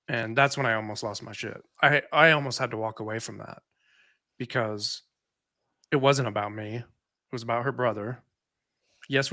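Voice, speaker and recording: A man speaks in an even, middle-pitched voice, stopping and restarting as he gathers his thoughts. His voice is recorded close and dry, with no room sound around it. The talk is candid and unhurried. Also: no echo. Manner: halting, reflective, many restarts. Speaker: podcast co-host. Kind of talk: candid conversation.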